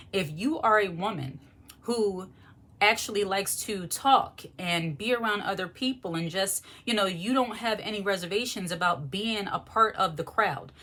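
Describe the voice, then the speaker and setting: A woman's voice: lowish voice, fairly bright tone. A woman vlogger giving frank, emphatic advice in a loose, conversational monologue. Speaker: lifestyle vlogger. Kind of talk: candid monologue to camera.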